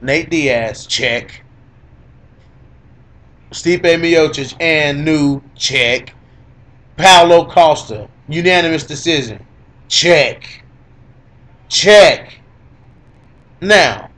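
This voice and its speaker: Gloating, teasing man with a higher voice. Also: extremely slow, long pauses, fairly bright tone. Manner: teasing, boastful, repeats lines for emphasis, laughs a lot. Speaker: podcast co-host. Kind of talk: gloating casual MMA commentary.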